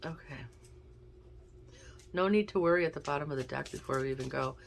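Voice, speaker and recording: A woman whose voice sits low, brisk and creaky, reads tarot and oracle cards in a casual way, thinking out loud with each draw. There's slight hiss or hum in the audio. She works as an intuitive card reader.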